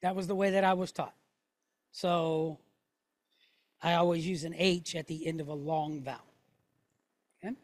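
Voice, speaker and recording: A woman's voice: sits low, steady tone, normal speed, long pauses, darkish tone, no echo. Patient middle-aged woman teaching a class. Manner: patient, checks in with "okay?" after each point. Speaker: Hebrew teacher. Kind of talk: classroom lesson.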